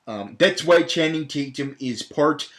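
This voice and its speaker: A man's voice: on the high side, measured pace. A man giving a casual comedic movie recap, rambling, with many fillers and stammered restarts. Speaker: film recap host.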